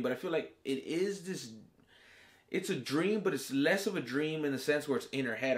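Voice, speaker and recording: A man hosting a casual TV episode review, talking in slang with plenty of swearing and acting out the characters' reactions. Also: mid-range voice. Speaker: reviewer and show host.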